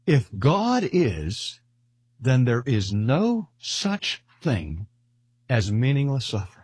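An older man delivers a sermon in a husky, slightly breathy voice, measured and deliberate, leaning on slow pauses. His pitch rises and falls with lively expression. The sound is close and dry, with no room echo. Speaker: preacher. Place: speaking at a cancer hospital.

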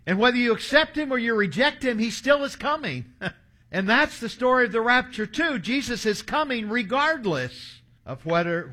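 A man's voice: a little high, sharp tone. A man in his sixties preaching a sermon, telling stories and reading scripture aloud in an earnest way. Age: 60s. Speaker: pastor.

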